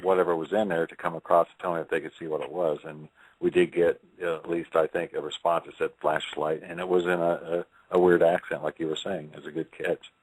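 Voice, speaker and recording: A man being interviewed as a guest on a radio show, giving halting, measured explanations. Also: low voice, little pitch movement, slightly rough, rough recording. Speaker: paranormal investigator guest.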